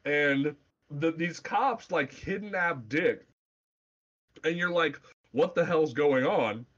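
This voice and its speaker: A man co-hosting a casual comic book podcast, talking in an animated, profane way with stammering restarts. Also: a little high, slow, dull audio. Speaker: podcast co-host.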